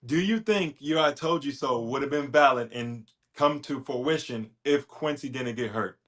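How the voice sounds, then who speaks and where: A man co-hosting a casual sports podcast, measured, putting questions to the others. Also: medium pitch, fairly bright tone. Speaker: podcast co-host.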